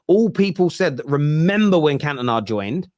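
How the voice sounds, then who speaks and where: A man hosting a football fan show, reacting fast to viewer comments in casual discussion. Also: on the high side, sing-song, a little mellow, dry recording, clean studio sound.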